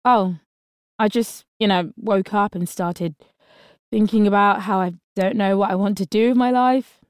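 A woman's voice: mid-range voice, fairly even intonation, unhurried, clear, resonant tone, no room sound, studio quality, lightly acted. A woman voicing a sleepy, laid-back young man who talks offhandedly and swears casually. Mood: easygoing.

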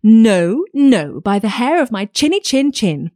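A woman putting on a small, clever storybook pig with a high, chirpy voice. The tone leaps up, and the sound is dry and close. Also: sing-song, no room sound. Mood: cheerful. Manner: high, bright, quick replies.

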